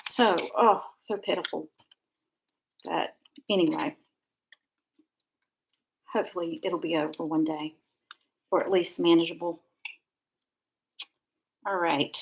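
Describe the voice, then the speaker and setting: A middle-aged woman with a gravelly, fry-edged voice. She chats and rambles through a live crafting demo in an easygoing way. She sits low in her range. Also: fairly even intonation, slow pace, long pauses, low-quality recording. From Georgia, USA. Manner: chatty, rambling, warm asides. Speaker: card-making crafter.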